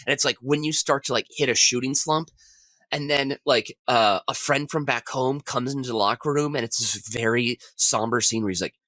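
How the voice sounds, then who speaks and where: Man, podcast contestant, rambling and excited, bright tone, mid-pitched, dry sound. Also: moderate pace, no echo. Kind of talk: casual podcast chat.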